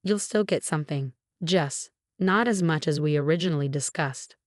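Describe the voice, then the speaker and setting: A woman's voice: low-pitched, moderate pace, no room sound, clean studio sound, lightly acted. A woman reading as a cruel drunk father. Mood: coolly dismissive. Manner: slurred, dismissive.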